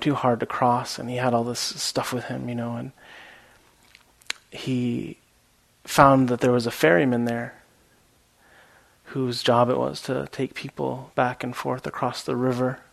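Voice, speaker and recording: A man giving a relaxed, rambling meditation talk that mixes a story with teaching and is full of fillers. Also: medium pitch, measured pace, vocal fry. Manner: laughs at his own story.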